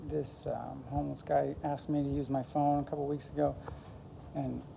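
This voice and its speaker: Low gravelly woman rambling to camera. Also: little pitch movement, moderate pace, warm tone, slight background noise, poor audio. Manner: meandering, full of "like" and "you know", laid-back. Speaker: vlogger. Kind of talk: rambling casual monologue to camera.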